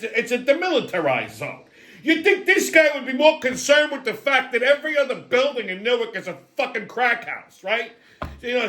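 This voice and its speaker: A man's voice: very high-pitched, fairly bright tone. Brash, profane ranting man. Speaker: host. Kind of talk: comedic political rant.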